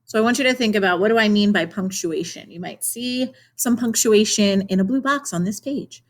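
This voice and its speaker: Woman, teacher, young adult, clear, encouraging, asks the class questions, remote lesson. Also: medium pitch, brisk. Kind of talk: remote video lesson for children.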